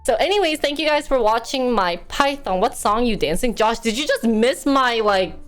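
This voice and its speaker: Hyper young woman streaming, bit high voice, faint music behind. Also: lively intonation, moderate pace. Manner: hyper, chatty, laughs often. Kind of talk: casual stream chat.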